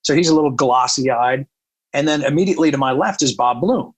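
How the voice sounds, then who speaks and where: A man who works as a country radio programmer tells a long anecdote in casual talk, animatedly acting out the dialogue and quoting people. His medium-pitched voice is fairly quick with a breathy edge, and the audio is poor.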